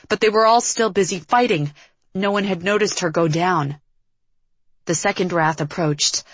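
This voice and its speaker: A woman narrates a tense story in a measured, dramatic reading. Her voice sits fairly low. The sound is dry and close, with no room echo. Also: a bit bright. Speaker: audiobook narrator. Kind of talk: scripted narration.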